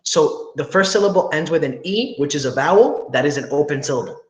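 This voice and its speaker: A man's voice: a little high, lively intonation, brisk. A young man teaching a class over a video call, explaining step by step and often asking "right?" to check that students follow. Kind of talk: online class instruction. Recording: echoey room with faint noise.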